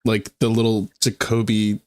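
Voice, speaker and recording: A man's voice: on the low side, monotone, dry recording, studio quality. Giggly podcast co-host, a man. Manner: giggly, quick to laugh. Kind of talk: casual podcast banter.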